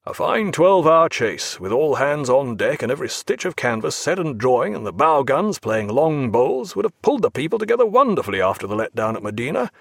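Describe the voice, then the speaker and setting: A man voicing a hearty, earnest male naval captain in an audiobook, brisk and commanding. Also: medium pitch, sing-song, creaky, dry recording, clean studio sound. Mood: rueful.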